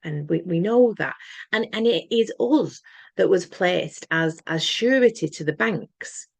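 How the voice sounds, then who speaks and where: Woman, gravelly voice, rambling monologue, many restarts, emphatic, dry sound. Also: lowish voice, lively intonation, a little slow, no echo. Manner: earnest, emphatic. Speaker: channel host. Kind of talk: casual monologue to camera.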